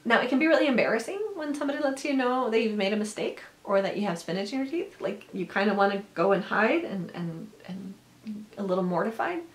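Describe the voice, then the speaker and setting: A woman's voice: mid-range voice, expressive, fast talker. Earnest woman teaching in an echoey room. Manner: earnest, acts out quoted voices. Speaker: educator. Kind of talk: workshop talk.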